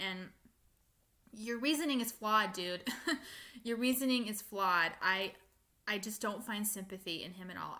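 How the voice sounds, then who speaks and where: A young woman ranting casually to her viewers, animated and exasperated, with frequent laughs and fillers. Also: a little high. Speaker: fan vlogger. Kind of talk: casual rant to camera.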